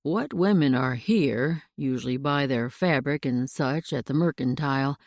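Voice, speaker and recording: A woman's voice: rumbling low, measured pace, darkish tone, no room sound, studio quality. A woman voicing a plain-spoken male frontier sheriff in an audiobook, with a folksy way of talking. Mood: polite. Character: gruff small-town male frontier sheriff.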